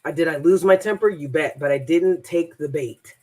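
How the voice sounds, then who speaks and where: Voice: medium pitch, normal speed, a little mellow. A transformational coach telling a personal story in a rambling, emphatic monologue, often repeating words.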